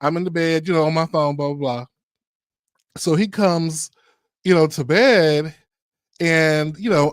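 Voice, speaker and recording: A man's voice: on the high side, clean tone, dry recording, clean studio sound. A man hosting a podcast in casual chat, sassy, flamboyant and playful. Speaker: podcast host.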